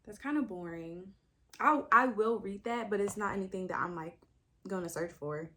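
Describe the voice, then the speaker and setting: A woman's voice: medium pitch, normal speed, bright, forceful tone, slight background noise. Chatty young woman thinking aloud. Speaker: book vlogger. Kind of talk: casual chat.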